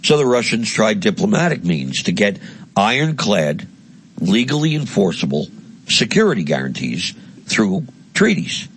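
A man's voice: lowish voice, big pitch swings, moderate pace, fairly bright tone, husky. A man giving a blunt, heated political monologue, crude and mocking in tone. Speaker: political commentator. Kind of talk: impassioned monologue.

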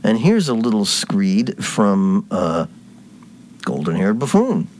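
Sarcastic male commentator, lively pitch. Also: takes it slowly. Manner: sarcastic, mocking. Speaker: political commentator. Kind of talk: commentary, reading posts aloud.

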